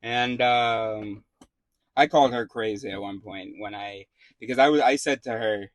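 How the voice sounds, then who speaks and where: In an unhurried, fairly low voice, a man vlogs to the camera, wandering through a story while cursing freely. Fillers and sentence restarts pepper his delivery, and no room sound is audible.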